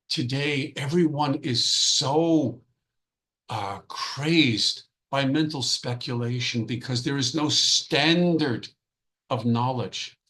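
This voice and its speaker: Guy giving a spiritual sermon, really slow, leans hard on words, repeats himself. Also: medium pitch, fairly bright tone. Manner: emphatic, drawn-out stresses, repeats phrases. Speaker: spiritual teacher. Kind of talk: devotional sermon.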